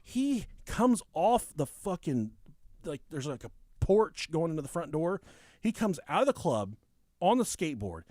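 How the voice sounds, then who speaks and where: A man's voice: fairly high pitch, very animated, measured pace, darkish tone, dry recording, studio quality. A young man on a podcast telling a rowdy story in casual chat, profane, acting out the people he quotes. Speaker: podcast host.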